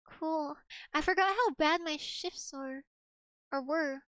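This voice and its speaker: A young woman streaming, chatting in a giggly, mock-dramatic way. Her voice sits very high, and the sound is dry and close with no room around it. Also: takes it slowly, a bit bright, no room sound. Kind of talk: casual chat reading old messages to chat.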